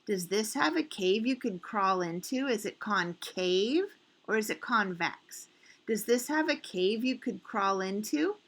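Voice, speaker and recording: Woman teacher, unhurried and patient, repeats questions for young students. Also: medium pitch, a bit bright. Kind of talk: recorded math lesson for children.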